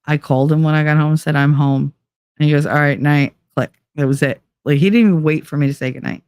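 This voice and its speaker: A woman's voice: sits low, fairly even intonation, fast, a little mellow, clean tone, no room sound. Chatty woman telling a story, dry sound. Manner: chatty, heavy use of "like", acts out others' lines. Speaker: podcast host. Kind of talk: casual storytelling.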